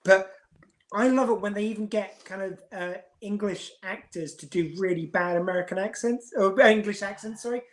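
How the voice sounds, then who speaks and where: A woman's voice: medium pitch, normal speed. A woman from the UK co-hosting a casual chat podcast, leading the talk with questions. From United Kingdom. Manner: chatty, leads the discussion with questions. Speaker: podcast co-host.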